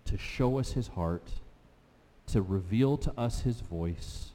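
A man's voice: lowish voice, lively intonation, slow pace, dark tone. A man pastor preaching a sermon in a conversational way, putting questions to the congregation. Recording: long hall reverb.

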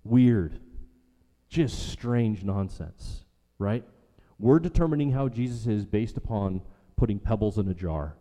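A man's voice: lowish voice, animated, unhurried, mellow. A man preaching a sermon as a pastor, emphatic and rhetorical, repeating his key lines for weight. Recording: long hall reverb.

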